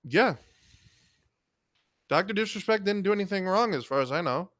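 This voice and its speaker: A man's voice: high voice, lively intonation, moderate pace, a bit bright, no echo, clean studio sound. A man ranting on a live stream, angry and profane, scolding his audience.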